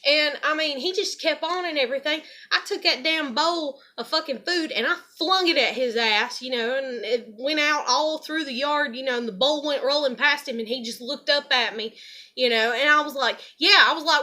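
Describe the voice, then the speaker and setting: Heated, sharp-voiced woman ranting. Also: high voice, moderate pace. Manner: heated, profane, rambling. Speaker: vlogger. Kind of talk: ranting personal story.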